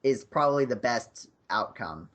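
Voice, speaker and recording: A man's voice: mid-range voice, animated, unhurried, a bit bright. A man hosting a casual podcast chat over a video call, rambling with lots of fillers and restarts. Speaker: podcast host.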